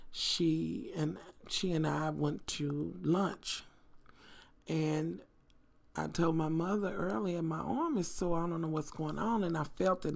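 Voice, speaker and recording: A middle-aged woman tells a story to her viewers in a vlog. Her voice is heavily gravelly with fry, and her delivery is animated and salty. She speaks to her audience directly and often calls them y'all. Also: low-pitched. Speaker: vlogger.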